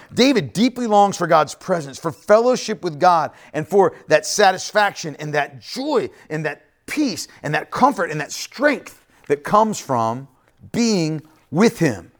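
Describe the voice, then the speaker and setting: Animated man preaching a conversational sermon. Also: high-pitched, unhurried. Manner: conversational preaching, frequent "right?" asides and repeated phrases. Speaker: pastor.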